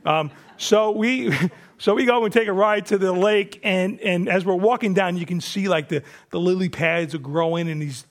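A male pastor delivering a sermon with a high, gravelly voice. He tells stories in an animated way and acts out the quoted lines. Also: normal speed. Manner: animated storytelling, acting out quotes.

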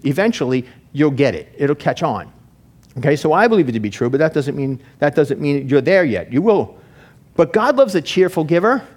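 Lively-voiced man preaching a sermon. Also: on the high side. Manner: conversational preaching with restarts and asides. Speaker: pastor. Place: church.

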